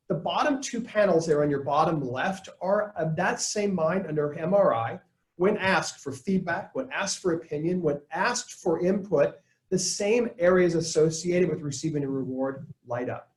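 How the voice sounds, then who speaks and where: A man presenting a live leadership webinar, coaching his audience in an energetic tone and acting out the lines he quotes. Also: a little high, reverberant, low-quality recording. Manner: energetic, coaching tone, quotes people in put-on voices.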